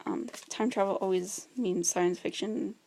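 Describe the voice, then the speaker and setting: A woman's voice: mid-range voice, a little slow, mellow, a little hiss or hum. A young woman chatting casually about her favorite movies, enthusiastic and full of fillers. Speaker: vlogger.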